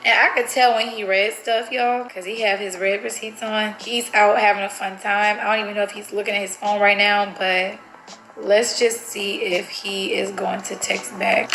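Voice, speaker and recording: A woman's voice: medium pitch, bright, forceful tone. A young woman vlogging casually to her viewers, chatty and giggly, talking straight to the camera. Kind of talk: casual vlog chat to camera. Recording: roomy echo with faint music.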